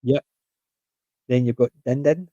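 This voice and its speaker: Mellow, enthusiastic man chatting. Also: medium pitch, fairly even intonation, a little slow, no echo, lo-fi sound. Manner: rambling, enthusiastic. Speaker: podcast co-host. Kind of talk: casual chat.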